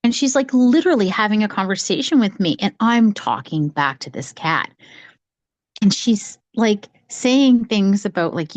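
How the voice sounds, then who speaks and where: A woman talking casually from home on a video call, telling a childhood story in a rambling, animated way with many restarts. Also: medium pitch, normal speed, no room sound. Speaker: psychic medium sharing her story. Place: home, cat nearby.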